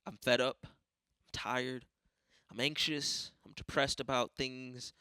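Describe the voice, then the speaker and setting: A man's voice: mid-range voice, steady tone, slow, sharp tone, clean tone, no echo, clean studio sound. A young man hosting a podcast, ranting casually with lots of swearing and telling stories by acting out other people's voices. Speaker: podcast host. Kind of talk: casual monologue.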